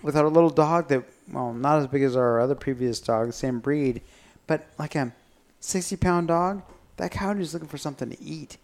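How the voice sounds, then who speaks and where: A man's voice: fairly high pitch, moderate pace, few pauses, darkish tone. A man telling a family story in casual chat, teasing and rambling as he goes.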